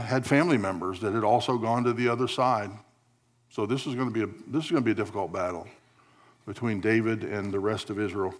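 Storytelling male preacher with wry humor. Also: on the low side. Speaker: pastor. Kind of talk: sermon.

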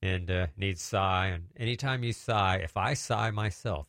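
A middle-aged man telling lively deliverance stories in a casual way, acting out the voices of the people he quotes. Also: low-pitched, normal speed, dry recording, studio quality. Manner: animated, acts out quoted voices. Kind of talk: casual storytelling testimony.

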